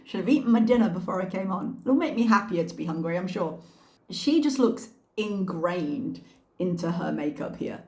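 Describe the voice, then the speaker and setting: A woman's voice: on the low side, expressive, normal speed, a little mellow. Wry woman hosting a reaction commentary. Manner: wry, sarcastic asides. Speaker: reaction channel host. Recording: echoey room.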